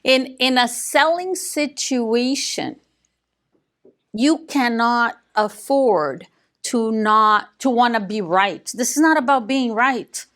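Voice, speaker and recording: A woman coaching a live sales class, emphatic and direct, often quizzing her listeners with quick questions and a dry joke. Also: fairly high pitch, fairly bright tone. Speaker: real estate sales coach.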